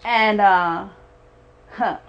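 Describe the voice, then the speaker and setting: Her voice is mid-range and clean-toned, and she draws out her words. This woman in her forties is a guest telling her personal testimony with earnest emphasis, acting out quoted speech, captured in lo-fi sound.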